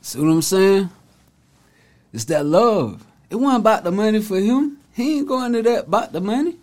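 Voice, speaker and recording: A man with a somewhat high voice hosts a casual commentary video. His delivery is emphatic and preachy, but it stays conversational. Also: expressive, moderate pace, a little mellow. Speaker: host, commentator.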